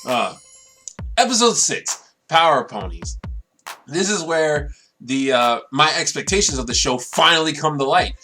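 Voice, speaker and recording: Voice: mid-range voice, animated, unhurried, sharp tone, soft background music. A show reviewer giving a casual, earnest and emotional episode review who talks at length.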